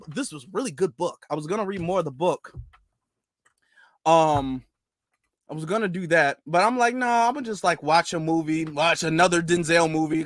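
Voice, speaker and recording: A young man vlogging, telling a story casually to camera in an animated, laughing way with loose slang. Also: high-pitched, no echo, studio quality.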